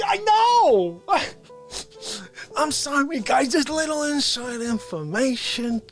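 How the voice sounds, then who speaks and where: A man hosting a comedy show while playing a brash, boastful male politician parody, veering between sudden shouts and hushed asides. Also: extremely high pitch, animated, slow, soft background music, full character voice. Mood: blustering. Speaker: show host. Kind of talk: unscripted comedy character monologue.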